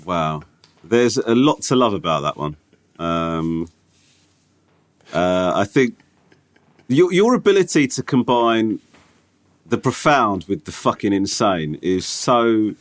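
A man's voice: on the low side, sing-song, slow, pauses often. A man co-hosting a podcast, chatting casually with enthusiastic, sweary praise. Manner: sweary, enthusiastic, hesitant fillers. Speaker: podcast co-host. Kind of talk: casual chat.

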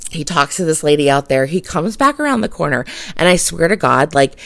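A woman's voice: deep voice, lively intonation, fairly quick, creaky, a bit bright, dry recording. A woman who works as a realtor tells a funny story on her podcast in a chatty, rambling way, full of fillers and laughter. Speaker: podcast host. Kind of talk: casual storytelling monologue.

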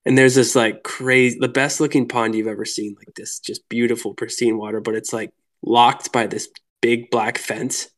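A man from Minnesota, a podcast guest who tells fishing stories in a casual, animated way, laughing often and filling his speech with "like". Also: medium pitch, moderate pace, hardly any pauses. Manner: animated, laughing, lots of "like" fillers. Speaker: podcast guest, lure builder. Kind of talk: casual storytelling chat.

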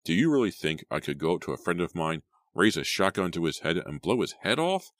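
A man's voice: deep voice, very animated, brisk, fairly bright tone, no echo, studio quality. A man reading aloud who voices a defensive teenage boy in an audiobook, sarcastic and heated. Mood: bitter.

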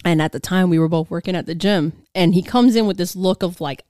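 A woman's voice: on the low side, fairly quick, mellow, no room sound, studio quality. Profane laughing woman podcast storyteller. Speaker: podcast co-host. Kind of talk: casual chat, storytelling.

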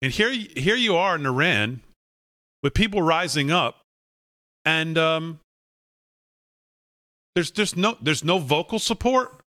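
Male talk host, sarcastic and brisk, highish, sharp-toned voice. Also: lively intonation, no room sound, clean studio sound. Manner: brisk and sarcastic, asking rhetorical questions. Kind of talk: casual political commentary.

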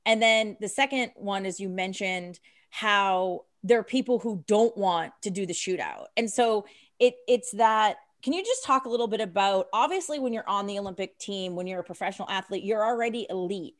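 A woman's voice: medium pitch, moderate pace. A woman co-hosting a podcast, asking the guests long, rambling questions in a casual chat. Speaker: podcast co-host.

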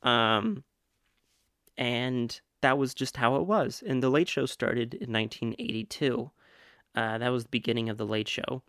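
A man's voice: medium pitch, vocal fry, no room sound, clean studio sound. A young man co-hosting a casual podcast, rambling through facts with lots of restarts. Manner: rambling, self-correcting, fact-listing. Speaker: podcast co-host. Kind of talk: casual chat.

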